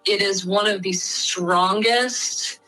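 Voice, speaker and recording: A woman's voice: medium pitch, fairly even intonation, slow, bright, forceful tone, rough recording. A woman with a Midwestern American accent, a guest in an interview, explaining things in a chatty, frank way with lots of fillers.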